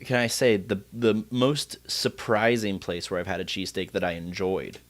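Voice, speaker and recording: A man hosting a laid-back conversation in a somewhat low voice. He rambles, restarting sentences as he works out his thoughts. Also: level tone, moderate pace. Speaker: podcast host. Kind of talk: casual chat.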